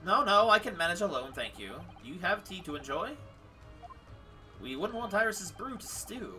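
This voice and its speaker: A man's voice: high-pitched, big pitch swings, moderate pace, pushed and bright, recorded from a distance, faint music behind, pitched above the performer's own voice, full character voice. A man reading out a flamboyant, theatrical male detective, grandiose and declamatory, while streaming a game. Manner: pompous, declamatory, showy. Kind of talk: voicing game dialogue on a stream.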